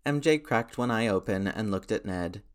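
A man narrating a story aloud in a steady storytelling manner. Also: on the low side, normal speed. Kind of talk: audiobook narration of fan fiction.

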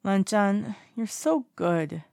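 A woman's voice: mid-range voice, lively intonation, slow pace, creaky, a little mellow, no echo, pitched above the performer's own voice. A woman voicing a tipsy, playful young man in an audiobook, bubbly and teasing, with a dry close sound. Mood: drunk playful. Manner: bubbly, teasing, sing-song calls of a name. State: drunk. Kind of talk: audiobook character voice.

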